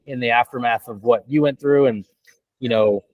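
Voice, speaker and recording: A man's voice: mid-range voice, normal speed, no echo, phone-quality sound. A man co-hosting a video call, asking a long, rambling question with enthusiasm. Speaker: co-host.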